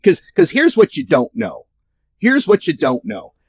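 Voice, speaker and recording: A man promoting trading software in a sarcastic, mocking rant delivered straight to camera. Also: on the high side, wildly swooping pitch, a little slow, slightly rough, no echo. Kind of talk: ranting direct-to-camera talk.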